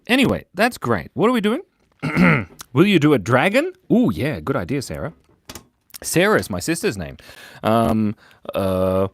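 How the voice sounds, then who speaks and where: A man's voice: medium pitch, no room sound. A cheerful, chatty man hosting a live drawing stream, constantly thanking viewers, on a clip-on mic. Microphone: clip-on lapel mic.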